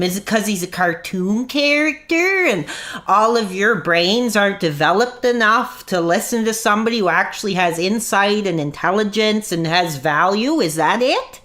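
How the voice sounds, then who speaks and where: A man's voice: high-pitched, expressive, normal speed, sharp tone. A man streaming an angry rant into his own mic, swearing, mocking and then apologizing for his language. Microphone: own desk mic.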